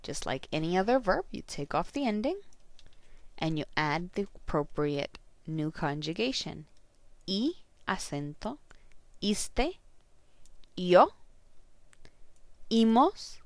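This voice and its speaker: A woman teacher giving a recorded grammar lesson, slowly and carefully saying each verb ending aloud. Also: lowish voice, very animated, no echo. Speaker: Spanish teacher.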